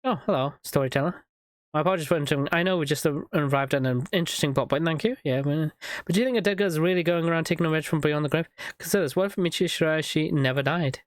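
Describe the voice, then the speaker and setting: Streamer, reading game dialogue aloud, quick, joking, dry close recording. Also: medium pitch, dry recording. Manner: reads lines quickly, laughs and riffs.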